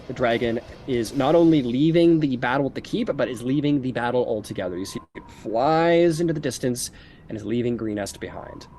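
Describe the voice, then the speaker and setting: A game master runs a tabletop game, his medium-pitched voice carrying a darkish tone. His narration is casual and loose, full of fillers, with faint music playing behind him.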